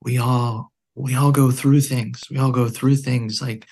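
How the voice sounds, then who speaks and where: A man voicing a gently reassuring woman. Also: mid-range voice, little pitch movement, a little slow, husky. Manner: soft, reassuring, repeating herself gently. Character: calm, caring woman talking someone down.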